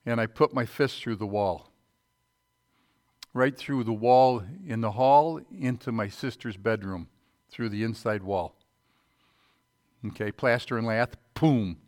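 A man's voice: medium pitch, unhurried, long pauses, darkish tone, no echo, studio quality. A man preaching a sermon, reading scripture aloud and checking in with his listeners.

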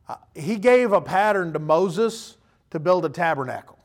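A man's voice: high voice, expressive, normal speed. A man in his thirties preaching a sermon in a conversational way, often acting out the voices of the people he quotes. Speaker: pastor.

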